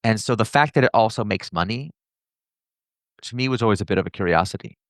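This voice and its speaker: A man being interviewed as a guest, telling stories in a lively, animated way and acting out the voices of people he quotes. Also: on the low side, no echo, studio quality. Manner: fast, animated storyteller who acts out quoted dialogue. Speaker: entrepreneur and author, podcast guest. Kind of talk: casual interview talk.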